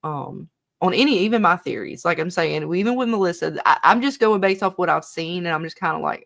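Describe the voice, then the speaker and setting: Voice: medium pitch, animated, fairly quick, vocal fry, a bit bright. A show co-host in a casual live episode discussion who talks bluntly, swears often and rambles between points.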